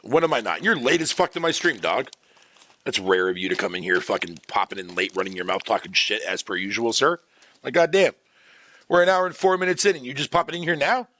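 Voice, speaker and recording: A man's voice: mid-range voice, a little fast, fairly bright tone, dry recording. A man streaming live, ranting profanely to his chat in a casual, exasperated way. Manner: talks to chat viewers by name.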